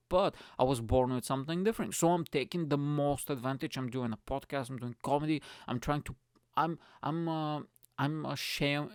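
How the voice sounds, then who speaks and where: A man's voice: mid-range voice, clear, resonant tone, dry recording, clean studio sound. A man hosting his comedy podcast, ranting energetically and crudely with lots of restarts.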